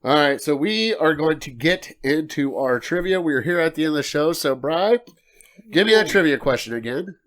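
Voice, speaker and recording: A man hosting a casual sports podcast, telling animated stories and laughing often as he acts out quotes. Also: on the high side, normal speed. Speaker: podcast host.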